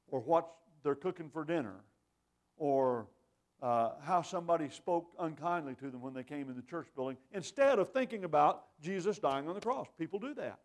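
A man gives an earnest communion talk to a congregation. He speaks plainly, reads scripture aloud and repeats his points so they sink in. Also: on the high side. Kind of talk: communion meditation.

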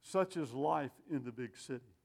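An older man preaching a sermon with an animated, self-deprecating sense of humor, often laughing at himself. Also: medium pitch, moderate pace, vocal fry, slightly rough. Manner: lively, animated delivery.

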